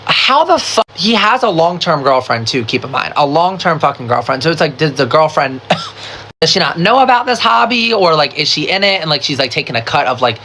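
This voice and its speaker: A woman dishing a wild storytime as she gets ready, her voice bright and forward. She talks in a gossipy, profane rush, stacking "like" fillers and calling the viewer "girl" and "baby". A faint hum of room sound sits under her. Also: low-pitched, brisk. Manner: animated and profane, full of "like" fillers. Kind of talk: casual get-ready-with-me storytime.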